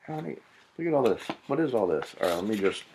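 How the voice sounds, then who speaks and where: A man's voice: medium pitch, sing-song, fast talker, background noise. A man reading a novel aloud for comedy, breaking off into profane, exasperated, mocking commentary. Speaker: comedic reader.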